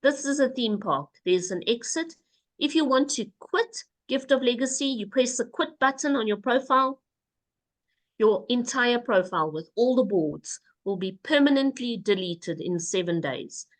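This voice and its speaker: A woman walks listeners through the rules on a video call. She is brisk and instructive, and drops in playful asides. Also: fairly high pitch, expressive. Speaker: presenter. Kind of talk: casual webinar presentation.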